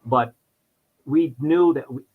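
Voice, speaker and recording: A middle-aged man talks on and on as a podcast guest, circling back and restarting his thoughts. His voice sits at an ordinary pitch for a man. The recording sounds muffled and lo-fi. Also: slow pace. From New York. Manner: talkative, rambling, restarts a lot. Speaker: insurance agent, podcast guest. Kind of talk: casual interview chat. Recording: dull lo-fi sound.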